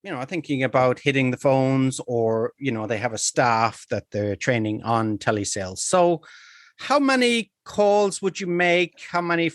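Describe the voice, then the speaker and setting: A man's voice: mid-range voice, steady tone, moderate pace, no echo. Male host, mid-range voice, chatty and rambling, dry close sound. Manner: rambling, chatty questions with many fillers. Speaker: podcast host. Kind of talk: conversational interview.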